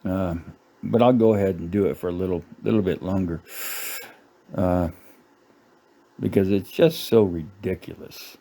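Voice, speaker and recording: Gravelly sarcastic man ranting, slow. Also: on the low side, dark tone. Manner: sarcastic, profane, laughing at his own jokes. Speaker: channel host. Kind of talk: casual ranting commentary.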